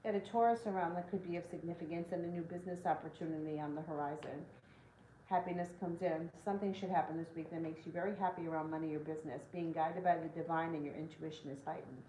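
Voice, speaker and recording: A woman's voice: low-pitched, fairly even intonation, fast, warm tone, slight background noise. Chatty woman tarot reader, roomy sound. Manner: chatty, peppered with "like", frank swearing. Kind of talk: casual livestream chat. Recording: roomy echo with faint ambience.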